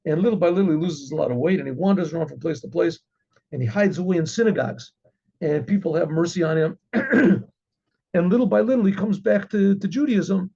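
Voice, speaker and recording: A man storyteller with a high, mellow voice and a husky, gravelly edge. He rambles through his tale with lots of "you know"s and keeps stopping to clear his throat. The recording is dull and lo-fi. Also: a little fast. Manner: rambling, with many fillers and frequent throat clearing. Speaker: rabbi. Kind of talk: storytelling talk.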